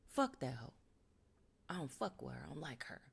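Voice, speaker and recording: A woman's voice: low voice, big pitch swings, moderate pace, gravelly, husky, voice pushed down, exaggerated voice. A woman putting on the voice of a jealous young woman who curses bluntly about her cousin. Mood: resentful. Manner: blunt, profane, slangy muttering.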